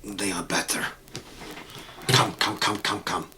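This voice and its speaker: A man voicing a gruff male vampire guide with a limp and an Eastern European accent, giving clipped, urgent commands. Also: on the low side, steady tone, takes it slowly, noisy background. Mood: coaxing.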